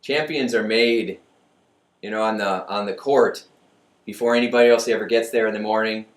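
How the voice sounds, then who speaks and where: A man giving a motivational talk in a chatty, animated way, laughing at his own jokes. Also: fairly low pitch, normal speed. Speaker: motivational speaker. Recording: echoey room, voice from far off.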